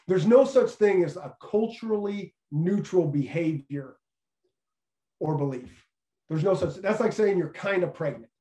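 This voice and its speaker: Middle-aged man, former coach, speaking to a room about leadership: earnest and emphatic, fairly high voice, roomy echo. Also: expressive, unhurried, dark tone. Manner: earnest, repeats key phrases for emphasis. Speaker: former football coach giving a leadership talk. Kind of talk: motivational leadership talk. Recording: echoey room.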